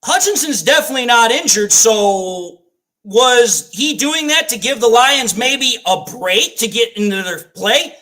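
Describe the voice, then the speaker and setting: Fired-up male fan host, high animated voice, swears a lot while calling plays. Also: measured pace. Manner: ranting, swears freely, repeats complaints. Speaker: fan watch-party host. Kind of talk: live play-by-play fan commentary.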